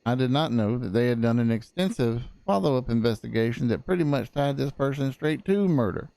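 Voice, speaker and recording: A man's voice: medium pitch, animated, fairly quick, creaky, mellow, no room sound. A man roleplaying a cranky old frontier prosecutor, rambling in a folksy way with lots of fillers. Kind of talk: in-character roleplay chat.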